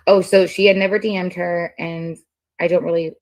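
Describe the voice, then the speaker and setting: Halting woman with a gravelly low voice. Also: flat delivery, darkish tone, no room sound, rough recording. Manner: halting, many ums, reads messages aloud. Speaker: stream guest reading messages. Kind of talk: casual reading of old messages.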